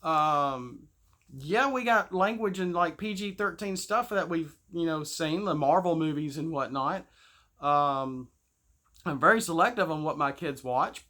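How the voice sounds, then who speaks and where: A man with a fairly high, bright, forceful voice rants in a loose spoken monologue. He stammers, circles back and restarts his sentences. His tone stays preachy and indignant throughout. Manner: rambling, with frequent stammered restarts. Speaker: gaming channel host. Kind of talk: casual spoken rant.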